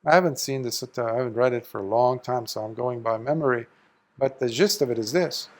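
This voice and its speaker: A man's voice: a little fast, slight background noise. A man, a Buddhist monk, giving a storytelling Dharma talk and acting out the people in the tale. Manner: animated storyteller, acting out quoted speakers with big jumps in pitch and loudness.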